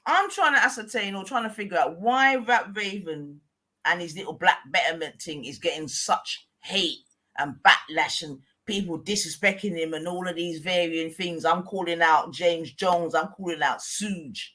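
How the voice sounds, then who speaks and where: Bright, rambling voice full of fillers. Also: medium pitch, normal speed. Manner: rambling, fills with "you know what I mean". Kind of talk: casual chat.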